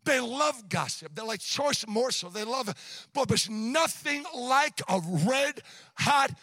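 A man preaching a sermon in a shouting, sing-song cadence, repeating words as he tells a story. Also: extremely high pitch, lively intonation, unhurried, no echo. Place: church.

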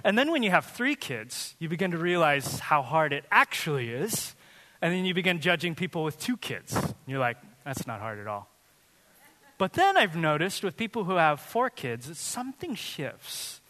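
A man preaching a sermon, loose and conversational, often breaking into laughter. His voice is high and bright, and it rings through a large hall with a long echo. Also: sing-song. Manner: conversational and joking, with quick laughs. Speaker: pastor. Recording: reverberant hall.

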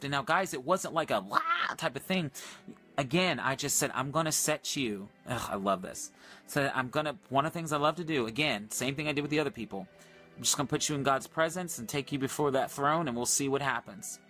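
A man ministering on a livestream, earnestly retelling a prayer encounter in casual storytelling with much quoted dialogue and excited high points.

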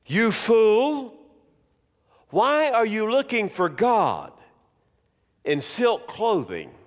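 A man's voice: high-pitched, sing-song, drawn-out words, voice pushed up, heavily acted. A man voicing a mysterious rebuking stranger. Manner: raised, rebuking voice. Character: mysterious stranger on a king's roof. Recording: long hall reverb.

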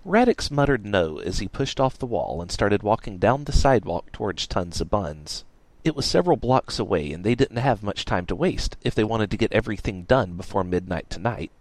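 A man reading a story aloud in a wry, lively storytelling manner. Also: fairly low pitch, moderate pace, no echo. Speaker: narrator.

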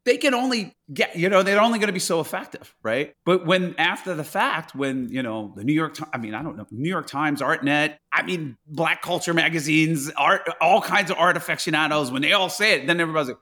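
A bright, forceful male voice full of animation. He tells his stories in a relaxed interview, slipping into the voices of the people he quotes. He laughs often as he talks. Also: fairly high pitch, a little fast, hardly any pauses. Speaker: art collector guest. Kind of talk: casual interview talk.

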